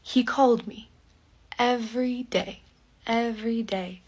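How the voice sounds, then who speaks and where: A woman telling a personal story in a slow podcast for learners, in short phrases with pauses and some words whispered. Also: fairly high pitch, fairly even intonation, a little mellow. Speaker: podcast speaker.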